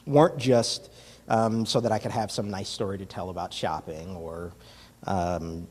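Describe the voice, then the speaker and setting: A man with a very low, slightly husky voice leads a communion meditation and prayer. He speaks slowly and reflectively, with frequent pauses and soft fillers. The sound carries a long hall reverb, as in a church sanctuary.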